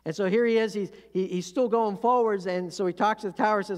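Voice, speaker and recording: A pastor delivers a conversational sermon, telling a story and often stopping to ask the listeners questions. The voice sits at an ordinary middle pitch. A long hall reverb hangs on each phrase in the church sanctuary. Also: steady tone, quick pace, few pauses.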